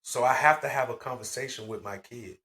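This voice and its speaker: A man co-hosting a podcast in casual chat, blunt and profane, telling animated stories. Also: mid-range voice, fairly quick. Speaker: podcast co-host.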